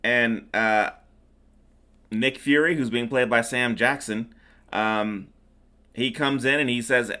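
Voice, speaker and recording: A man's voice: mid-range voice, takes it slowly, long pauses, pushed and bright. A middle-aged man hosting a podcast, recapping a movie in a rambling, sarcastic way with plenty of fillers. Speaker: podcast host. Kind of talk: casual movie recap chat.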